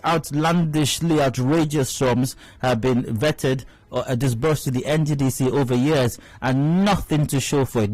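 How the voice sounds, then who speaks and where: A man's voice: medium pitch, a little mellow, no room sound, poor audio. Nigerian male radio host, emphatic and outraged, dry booth, light music bed. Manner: indignant, emphatic, repeats phrases for stress. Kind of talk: opinionated radio commentary. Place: radio studio. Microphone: studio mic.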